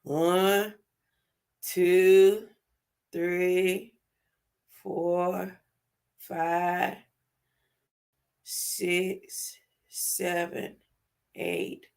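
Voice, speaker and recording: A woman hosting a spiritual livestream, speaking unhurried affirmations, laughing often and repeating words for emphasis. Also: fairly low pitch, level tone, gravelly, darkish tone, smooth. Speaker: livestream host.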